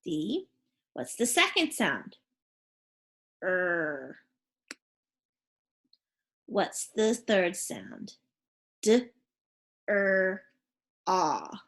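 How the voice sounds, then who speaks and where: Teacher voice: woman, very slow and lively, spells out sounds for kids. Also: mid-range voice. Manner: slow, clear, sounding out letters and prompting questions. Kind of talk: phonics lesson for young children.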